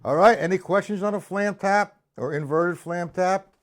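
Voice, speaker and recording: A high-pitched male voice at normal speed belongs to a middle-aged man giving a live-streamed drum rudiments lesson. Loud drumming accompanies his voice as he counts the beats aloud and chats casually with the audience.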